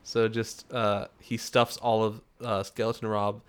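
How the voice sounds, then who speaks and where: A man's voice: lowish voice, flat delivery, measured pace, clear, resonant tone. A man playing in a tabletop role-playing game, chatting casually and joking. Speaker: player.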